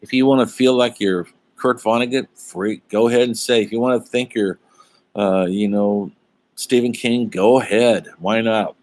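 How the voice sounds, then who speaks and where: A man's voice: fairly low pitch, steady tone, normal speed, darkish tone. A middle-aged man teaching an online college humanities class in a loose, chatty way, with lots of fillers and side stories. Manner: rambling, chatty, many fillers and asides. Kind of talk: casual online lecture.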